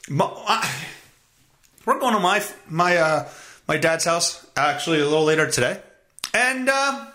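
A man's voice: high voice, bright, forceful tone. A man hosting a solo podcast, ranting in a worked-up way and swearing often. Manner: profane, worked-up rant. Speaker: podcast host.

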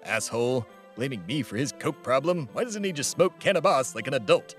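A man's voice: medium pitch, lively intonation, fairly quick, fairly bright tone, soft background music. A man in his forties hosting a comedy show, doing a brash mock-advertisement and sketch banter. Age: 40s.

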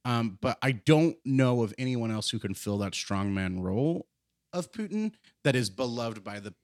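A man's voice: mid-range voice, lively intonation, normal speed, dry recording, clean studio sound. Rambling man in casual podcast chat. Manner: rambling, restarts, puts on silly voices. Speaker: podcast co-host.

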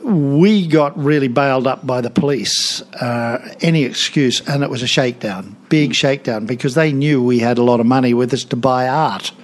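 A man's voice: medium pitch, moderate pace, few pauses. A man in his seventies, a guest telling anecdotes in a studio interview, chatty and laughing often, with many restarts. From Australia. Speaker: guest, TV comedian and author. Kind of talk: casual interview storytelling.

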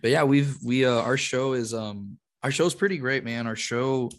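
A man's voice: medium pitch, normal speed. A middle-aged man from Rico, a comedian and podcast co-host chatting as a guest. He tells stories with energy, laughs often and jumps into the voices of the people in them. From Puerto Rico. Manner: animated storyteller who acts out other people and laughs often. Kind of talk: casual chat, guest storytelling.

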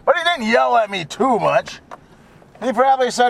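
A man's voice: very high-pitched, big pitch swings, normal speed, gravelly, a bit bright. A man rambling and singing made-up song lines to himself while driving, in a goofy, self-mocking way. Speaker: vlogger. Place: inside a car.

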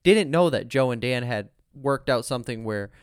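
Smooth-voiced young man telling band stories. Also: mid-range voice, normal speed, no room sound, studio quality. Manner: animated storyteller, acts out quotes. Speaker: band member. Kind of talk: casual storytelling chat.

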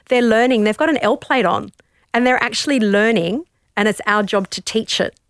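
An Australian woman guest giving parenting advice in a steady, explanatory way. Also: mid-range voice, no room sound, studio quality. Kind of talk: advice in casual chat.

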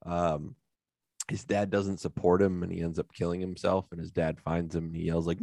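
A man co-hosting a podcast, laid-back and joking, now and then shouting out movie lines. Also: low-pitched, level tone, a little fast, vocal fry, no room sound, studio quality. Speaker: podcast co-host. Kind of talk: casual chat.

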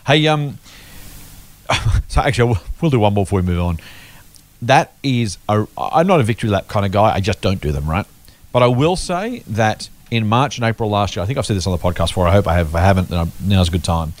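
A man, hosting a casual investing podcast chat, emphatic and lively. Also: on the low side. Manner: animated, emphatic, quick-talking. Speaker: podcast host.

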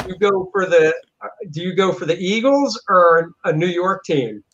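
A man's voice: high voice, animated, a little slow, fairly bright tone, dull audio. A man co-hosting a podcast, asking questions and teasing the guests. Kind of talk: casual podcast chat.

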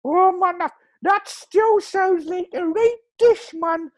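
Squeaky high guy, crude and cheeky. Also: slow pace. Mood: leering. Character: squeaky crude Geordie passer-by.

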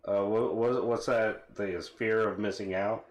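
A man's voice: on the low side, fairly even intonation, unhurried. A young man on a casual podcast guessing game, hesitant and full of fillers, swearing now and then. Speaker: co-host. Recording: echoey room.

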